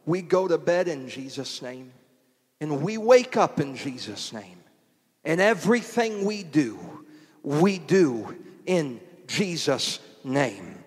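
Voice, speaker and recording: A man voicing his old immigrant great-great-grandmother, speaking softly, close to a whisper, during a sermon. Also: on the high side, big pitch swings, slow pace, slightly rough, in a large hall, voice pushed down, exaggerated voice. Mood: gentle. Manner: soft, near whispered.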